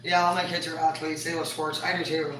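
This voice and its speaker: A woman's voice: low-pitched, little pitch movement, brisk. Chatty mom type talking while she cooks, swears a lot, says like constantly, sounds far off in an echoey room with household noise. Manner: chatty, laughs often, swears casually, many "like" fillers. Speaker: vlogger. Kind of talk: casual chat while cooking.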